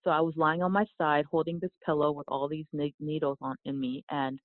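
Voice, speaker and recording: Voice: mid-range voice, level tone, fairly quick, no room sound. A podcast guest from South Korea and a yoga teacher, telling a personal story in an earnest, reflective way with frequent restarts. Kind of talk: storytelling in conversation. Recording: tinny phone-like line.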